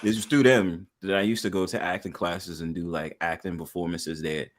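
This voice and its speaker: A man's voice: low-pitched, steady tone, normal speed. A man from New York co-hosting a casual chat, talking in a laid-back, slang-heavy way. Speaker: podcast co-host.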